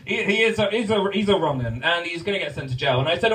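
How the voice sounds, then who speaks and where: A man's voice: sits high, lively intonation, normal speed, long pauses, a bit bright, far from the mic, some chatter behind, rough recording. A man doing a stand-up comedy set, self-mocking and stumbling over his words as he rambles. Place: comedy club stage.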